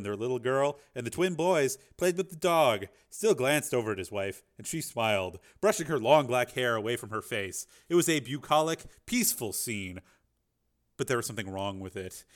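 A man narrating a dramatic audiobook and voicing its characters with shifting pitch.

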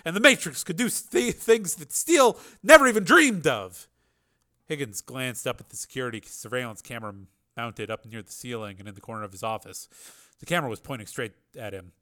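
Male audiobook narrator, bright forceful voice, dramatic, expressive. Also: mid-range voice. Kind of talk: scripted narration.

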